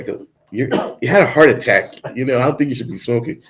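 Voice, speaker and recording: A man, a comedian, telling stories in a casual comedy chat, animated and laughing through his lines. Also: medium pitch, fast talker.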